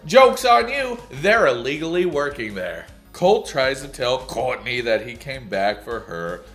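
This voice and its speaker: A man doing a comedic recap of a TV show, sarcastic and mocking, swinging between shouted jokes and low asides. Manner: sarcastic, mocking, bursts into loud laughter; stand-up delivery, jumps between shouting and muttering. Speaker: video recap host.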